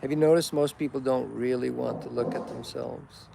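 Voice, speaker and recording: A man's voice: mid-range voice, steady tone, normal speed, vocal fry, background noise. A man hosting a casual livestream, ranting bluntly and preachily, swearing often. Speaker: livestream host. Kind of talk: casual unscripted rant.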